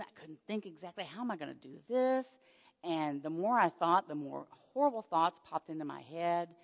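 Standing before an audience in a church hall, an Oklahoma-born older woman with a Texan accent shares her faith story as a guest speaker. She's chatty, nervous and self-deprecating, playing out dialogue with pitch jumps, and the hall recording sounds dull and full of echo.

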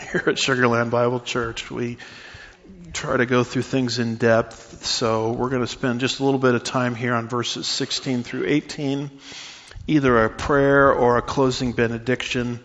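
A male pastor delivers a teaching sermon in a church sanctuary, his mid-pitched voice carrying a long reverb tail. He explains scripture step by step with a steady, unhurried delivery, pausing on uh fillers. The recording is slightly dull and muffled. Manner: measured teaching with frequent uh fillers. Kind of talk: expository sermon.

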